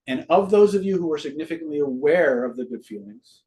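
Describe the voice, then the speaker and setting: A man's voice: on the high side, animated, fairly quick, mellow. Casual swearing man teaching a class. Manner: casual, swears freely, quizzes the audience. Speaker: online seminar teacher. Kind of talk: live online master class.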